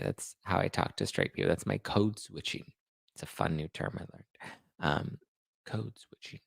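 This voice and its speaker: A man hosting a pop culture live stream, chatting casually with his viewers and tossing out sarcastic asides. His voice sits fairly low with a gravelly, fry-heavy edge. The sound is dry and close. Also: expressive, normal speed, a bit bright, no room sound. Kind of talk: casual live-chat commentary.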